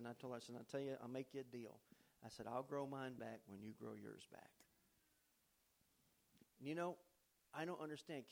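A man's voice: mid-range voice, creaky. A male pastor preaching a homecoming sermon in a church, telling stories with folksy humor and preacher's emphasis. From not from the American South.

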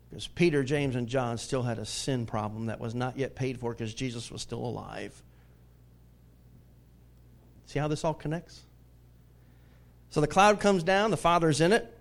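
A male pastor delivers a sermon conversationally, shifting between booming emphasis and hushed asides. He chuckles often and puts questions to his listeners.

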